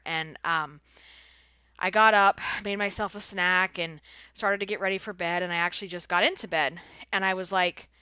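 A woman's voice: on the low side, bright, forceful tone, clear, resonant tone, dry recording. A pregnant woman in her thirties hosting her own podcast from a home office, talking candidly in a chatty way with fillers and laughs. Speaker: podcast host. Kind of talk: solo podcast monologue.

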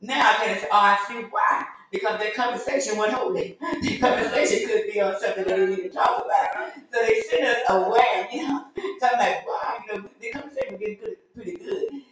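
A woman's voice: mid-range voice, fast talker, slight background noise. A woman teaching a Sunday school lesson in a conversational, folksy way, now and then acting out the voices of the people in her stories. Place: church room. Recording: very echoey room, voice from far off.

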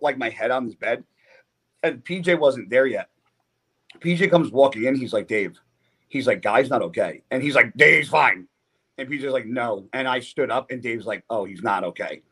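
A man, a bodybuilder guest on a podcast, telling a story in a casual, profane, animated way. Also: mid-range voice.

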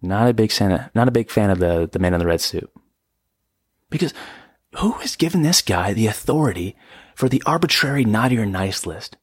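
A young man hosting a podcast, ranting in exasperation and jumping into sudden high-pitched outbursts. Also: very animated, a little fast, breathy edge, no room sound. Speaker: podcast host. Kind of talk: comedic solo podcast rant. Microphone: podcast microphone.

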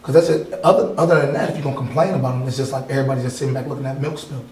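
A man's voice: medium pitch, steady tone, rapid-fire, darkish tone, a little hiss or hum. Blunt, heated man in an echoey gallery. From Wisconsin, USA. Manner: blunt, heated, swears freely. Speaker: artist guest. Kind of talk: casual interview. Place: art gallery.

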